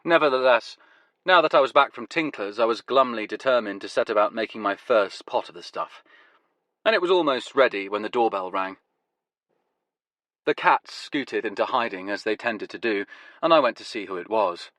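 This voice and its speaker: A man reading a first-person story aloud in a wry, deadpan way. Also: on the low side, normal speed, no echo. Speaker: audiobook narrator. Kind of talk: first-person scripted narration.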